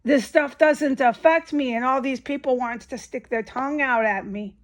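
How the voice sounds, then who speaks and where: A woman's voice: sits high, moderate pace, few pauses. A woman vlogging an angry, profane rant, her voice rising sharply at times. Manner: agitated and profane, voice rising to near-shouts. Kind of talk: angry ranting monologue.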